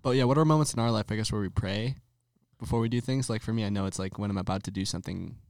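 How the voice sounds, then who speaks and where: A man's voice: on the low side, very fast, darkish tone, no room sound, studio quality. A young man in casual chat who reflects and steers the talk toward faith.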